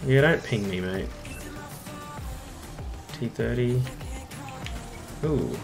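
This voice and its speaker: A man's voice: mid-range voice, drawn-out words, gravelly, music in the background. A man with an Australian accent chatting and swearing casually while streaming a tank game. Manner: swearing, animated banter. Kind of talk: casual live-stream chat.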